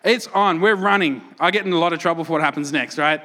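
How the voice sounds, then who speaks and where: A man's voice: a little high, fast talker, pushed and bright. A young adult Australian man preaching a sermon in a conversational, self-mocking storytelling way, often asking "right?". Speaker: pastor.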